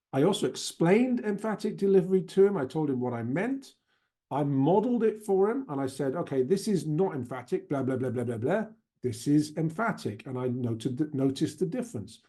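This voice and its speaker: A man speaks as a language coach presenting a webinar to teachers. His voice sits at a medium pitch with a warm, mellow tone. He talks emphatically but conversationally, often restarting phrases and adding asides.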